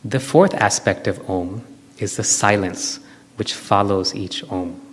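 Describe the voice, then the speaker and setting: Man, low voice, patient spiritual lecturer, echoing hall. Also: slow pace. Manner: explains step by step with everyday examples. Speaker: spiritual speaker. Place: hall with an audience.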